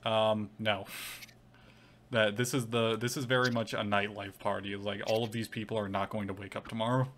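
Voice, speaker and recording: Brief: casual male game master, loose rambling narration, low voice. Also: flat delivery, moderate pace, a bit bright, slight background noise. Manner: rambling, filler-heavy narration.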